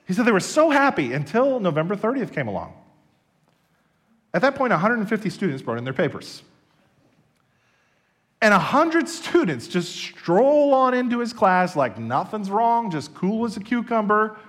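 A man preaching a sermon, animated and emphatic as he tells stories. His voice sits fairly high for a man. It rises and falls widely in pitch. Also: normal speed. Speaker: pastor.

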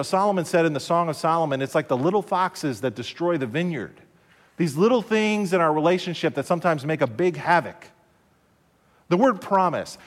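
A man preaching a broadcast sermon in a measured way, repeating key phrases and asking rhetorical questions. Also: fairly high pitch, in a large hall. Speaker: pastor.

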